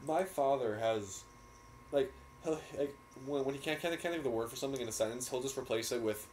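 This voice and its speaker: A man's voice: medium pitch, a little fast, darkish tone, slight background noise. A young man, rambling through stories with many restarts in a casual podcast chat. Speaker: podcast co-host.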